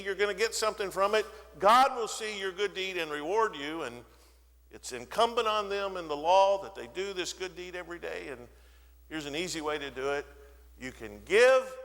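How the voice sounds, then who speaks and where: A man preaching a sermon in a church, telling a Bible story with animated, dramatic delivery and briefly voicing the people in it. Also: high voice, big-room sound. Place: church sanctuary.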